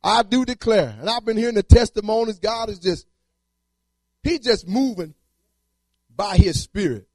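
A man's voice: sits high, lively intonation, moderate pace, pauses often, a little mellow, dry recording. A man preaching a sermon in repetitive, rhythmic phrases and casual everyday speech.

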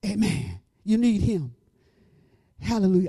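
Animated and at a moderate speed, a female preacher starts low and quiet, then rises into shouted, musical lines with repeated rhythms.

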